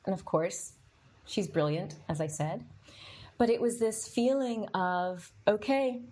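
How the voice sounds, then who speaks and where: A middle-aged woman with a fairly low voice tells her own story on a podcast. She talks candidly and with feeling, and she answers the comments of her live audience as she goes. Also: husky. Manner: candid and emotional, with frequent fillers. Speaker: podcast host.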